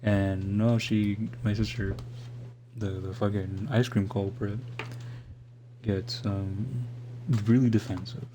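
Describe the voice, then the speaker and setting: A man's voice: fairly low pitch, slow pace, pauses often. A young man on a live stream telling a long personal story in a casual, rambling way, swearing often and restarting his sentences. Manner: rambling, profane, full of "like" and restarts. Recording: steady background hum.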